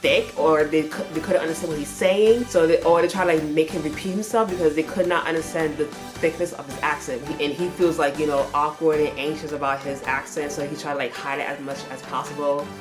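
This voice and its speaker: A woman's voice: deep voice, fairly even intonation, fairly quick, hardly any pauses, over music. A young woman reviewing a manga in a casual spoken way, full of "like" fillers. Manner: chatty, heavy use of "like" fillers.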